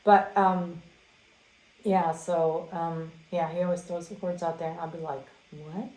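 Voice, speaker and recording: A woman's voice: lowish voice, level tone, unhurried, warm tone. Chatty woman telling stories in a roomy room. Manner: rambling storyteller, many fillers and restarts; acts out quoted dialogue. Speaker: podcast co-host. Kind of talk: casual chat. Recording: roomy echo.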